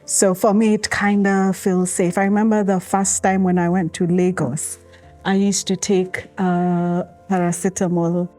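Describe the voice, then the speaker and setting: A woman's voice: fairly low pitch, little pitch movement, unhurried, warm tone, soft background music. A woman on a discussion panel, recalling a trip with amusement in casual chat.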